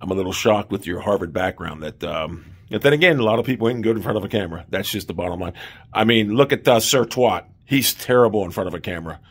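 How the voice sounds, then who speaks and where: A man's voice: lowish voice, lively intonation, quick pace, slightly rough. Emphatic self-assured man giving sports opinions. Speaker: sports commentator. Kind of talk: opinionated solo commentary.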